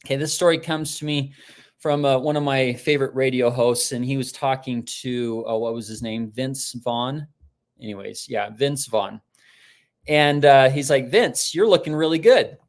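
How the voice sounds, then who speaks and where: A man's voice: medium pitch, moderate pace. A man giving a live-streamed motivational talk, telling stories conversationally and often restarting his sentences. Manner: animated storytelling, acting out quoted voices. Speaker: motivational speaker.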